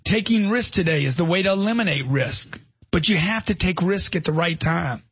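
A middle-aged man speaks in a husky voice that sits a little high for a man. He delivers motivational narration with punchy emphasis and strings of rhetorical questions. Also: fairly bright tone, no room sound. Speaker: self-help author.

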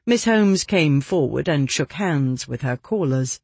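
Slow husky audiobook narrator, dry close sound, measured. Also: mid-range voice, animated, darkish tone, no room sound. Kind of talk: scripted narration.

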